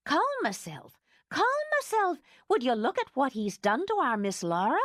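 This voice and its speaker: A woman voicing a fierce, protective older housekeeper who talks in indignant, excitable outbursts. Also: on the high side, brisk, no echo, clean studio sound, pitched above the performer's own voice. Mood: outraged.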